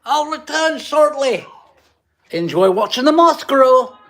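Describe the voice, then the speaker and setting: A man's voice: extremely high pitch, lively intonation, takes it slowly, voice pushed up, full character voice. A man voicing a crude, rowdy ogre with a put-on Scottish accent. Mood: boisterous. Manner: boisterous, crude jokes.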